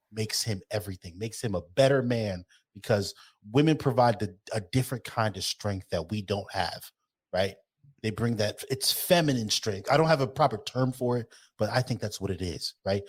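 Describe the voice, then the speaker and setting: Blunt, profane man on a podcast. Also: medium pitch. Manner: blunt, profane, opinionated, animated. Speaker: podcast co-host. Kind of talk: casual podcast chat.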